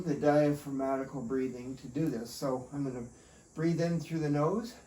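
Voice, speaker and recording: A man's voice: a little high, a little mellow, slight background noise. Chatty man, echoey room, distant mic. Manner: chatty, folksy, jokey asides to himself. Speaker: fitness instructor. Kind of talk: exercise demonstration. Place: at home in a bedroom and by a doorway.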